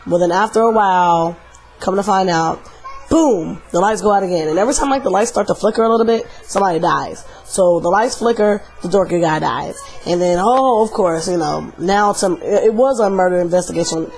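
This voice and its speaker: A woman's voice: on the low side, fairly quick, a little mellow. A woman chatting casually and animatedly in a video review, retelling a story in slangy, emphatic bursts. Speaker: movie reviewer.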